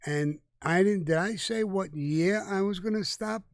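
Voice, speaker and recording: A man's voice: sits high, measured pace, dry recording, clean studio sound. An older man, answering viewer questions in a casual live chat, blunt and profane, with rambling restarts.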